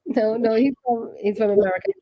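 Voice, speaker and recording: An Irish woman with an Irish accent hosts a casual chat, chatty and lively as she greets viewers and reads their comments. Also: on the high side, fairly quick, muffled recording. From Ireland. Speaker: host.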